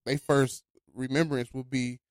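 A man's voice: mid-range voice, level tone, unhurried, dry recording. A man from Los Angeles, hosting a podcast studio, talking in a loose, rambling way and often checking in with "you know what I'm saying". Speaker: studio host. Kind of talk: casual podcast chat.

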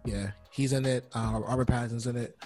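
A man's voice: medium pitch, fairly even intonation, brisk, dark tone, soft background music. A man co-hosting a podcast in casual chat, rambling and laid-back, swearing freely. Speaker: podcast co-host.

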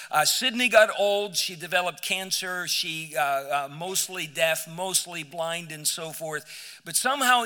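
Emphatic older preacher, bright voice. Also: male voice, sits high, in a large hall. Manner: emphatic preaching, drawn-out phrases, loud swells. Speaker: pastor. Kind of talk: sermon. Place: church sanctuary.

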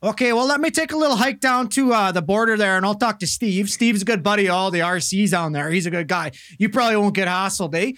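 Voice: medium pitch, fast talker, few pauses, a bit bright, close to an everyday voice. A performer voicing an easygoing, laid-back Canadian man who drawls and calls people pal.

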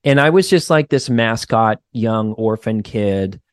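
A man's voice: fairly low pitch, a little slow, no room sound, studio quality. A man with a faint Boston accent, a therapist guest telling a story in a casual podcast conversation, full of "like" and "you know". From Boston area, United States. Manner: animated storyteller, many "like" and "you know" fillers.

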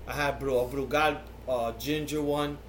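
A man's voice: mid-range voice, fairly even intonation, moderate pace. A man hosting a podcast, telling a long story in casual chat, with plenty of fillers and swearing. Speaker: podcast host. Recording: echoey room with faint background noise.

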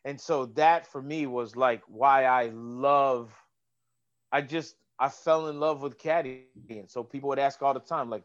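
A man, a golf caddy and comedian, telling stories in a casual chat, animated and swearing, acting out voices. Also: mid-range voice, unhurried, highs cut off. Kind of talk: casual podcast storytelling.

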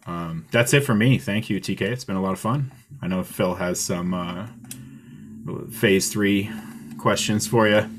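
A man with a very deep voice co-hosts a fan podcast. He chats in an affable, rambling way, leaning on fillers as he goes. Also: unhurried. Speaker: podcast co-host. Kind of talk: casual interview chat.

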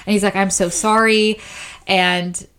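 An eager woman chatting on a podcast, racing through a novel's plot. She slips in and out of the characters' lines with rising excitement. Her voice stays at an ordinary middle pitch. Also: unhurried, smooth. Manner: excited retelling, acting out lines. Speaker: podcast co-host. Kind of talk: casual book chat.

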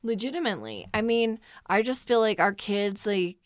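A woman in her thirties co-hosting a podcast, chatting casually with wry remarks and quick agreements. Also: mid-range voice, very animated, dry recording, studio quality. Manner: wry, chiming in with short agreements. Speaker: podcast co-host. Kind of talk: casual chat.

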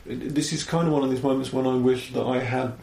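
A man's voice: medium pitch, steady tone, brisk, darkish tone. A man chatting casually about films in a musing, self-deprecating way. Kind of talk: casual film chat. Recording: roomy echo.

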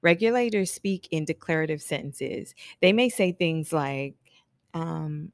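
A woman's voice: low-pitched, expressive, measured pace, no room sound, studio quality. A woman coaching hairstylists in a casual solo talk, chatty, laughing often and acting out her clients' lines.

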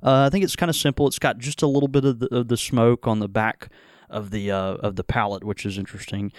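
A man hosting a casual whiskey tasting chat, talking in halting bits with many restarts and fillers. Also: medium pitch, steady tone, no room sound, studio quality. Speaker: whiskey show host. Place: Mississippi.

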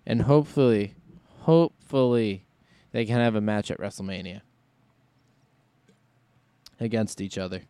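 A man's voice: fairly low pitch, unhurried, long pauses, mellow, clean tone, dry recording. A man hosting a solo podcast in casual chat, rambling and thinking aloud as he goes. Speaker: podcast host.

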